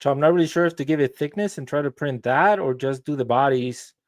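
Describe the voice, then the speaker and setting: A man guesting on a casual chat, talking about toys in a laid-back, enthusiastic way and thinking out loud. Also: mid-range voice, quick pace, dry recording.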